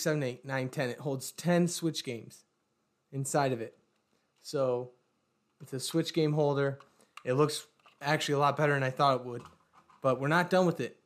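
A man co-hosting a casual podcast, upbeat and joking as he shows off a project. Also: mid-range voice. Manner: upbeat, joking, showing off a 3D print. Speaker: podcast co-host.

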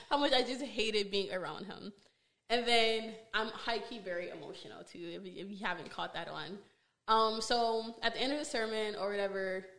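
A woman podcast host telling a personal story in a casual, animated way, exasperated and full of fillers. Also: medium pitch.

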